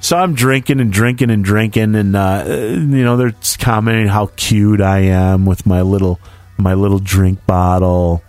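A man telling a story in casual chat, animated and swearing freely, acting out what others said. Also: lowish voice, moderate pace, no room sound, faint music behind. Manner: animated, acts out quoted voices, swears freely.

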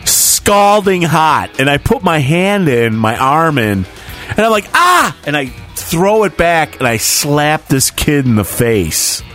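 A man's voice: fairly high pitch, sing-song, slow, fairly bright tone, soft background music. A man in his forties telling a story as a podcast co-host, swearing freely and acting out his reactions. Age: 40s. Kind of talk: casual storytelling chat.

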